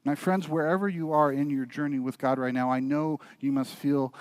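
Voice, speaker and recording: Storytelling pastor, slightly high voice. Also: male voice, steady tone, normal speed, no echo. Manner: storytelling, building to earnest, quieter exhortation. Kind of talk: sermon. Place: church.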